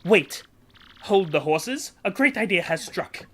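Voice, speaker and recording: A woman's voice: lowish voice, animated, takes it slowly, a bit bright, husky, full character voice. A woman voicing a flamboyant, vain, wealthy male sea trader for a game playthrough, speaking in grand theatrical exclamations. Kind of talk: voicing game dialogue for a let's play.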